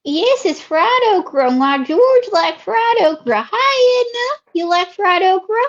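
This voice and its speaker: A woman voicing a chatty elderly Southern widow, folksy and drawling with deadpan jokes. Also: very high voice, a little slow, muffled recording, voice pushed up. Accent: Southern US (put on). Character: chatty old Southern widow, gambling granny.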